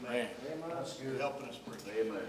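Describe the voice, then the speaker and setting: A man in the congregation quietly calling out affirmations. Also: medium pitch, steady tone, fairly quick. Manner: quiet murmured amens. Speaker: congregation member. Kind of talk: call-and-response affirmations.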